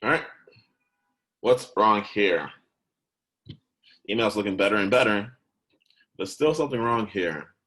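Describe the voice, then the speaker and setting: Heard on a rough recording, a man with a lowish, fairly bright voice teaches a recorded lesson, speaking expressively, a little slowly, and with frequent pauses. He keeps things conversational, checking in often with "right?" and "okay?" and at times self-correcting partway through a word.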